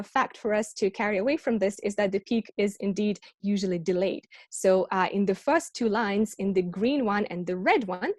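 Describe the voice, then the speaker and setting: A woman delivers an academic colloquium talk, explaining each point patiently and often pausing on ums and restarting words. Her voice sits at a mid pitch. The recording is dry and close, as on a video call. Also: darkish tone, no room sound. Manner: explanatory, with frequent ums and self-corrections. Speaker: academic lecturer.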